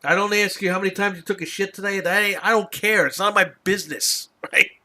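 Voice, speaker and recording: A man's voice: high voice, fairly even intonation, quick pace, bright, forceful tone. A man hosting a casual podcast, telling an exasperated, profanity-laced story in a ranting chat. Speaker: podcast host.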